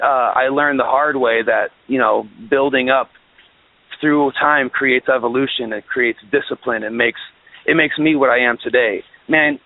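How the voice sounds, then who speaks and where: A man rants down a tinny phone line as a guest musician, full of swearing and restarts. His voice sits at a middling pitch. This is casual phone-in interview talk. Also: dry recording. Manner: ranting, profane, restarts his sentences.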